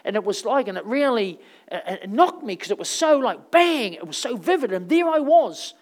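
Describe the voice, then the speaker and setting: A woman preaching a sermon in a conversational, rambling storytelling way, full of fillers, swinging between loud and soft. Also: on the high side, very animated, moderate pace.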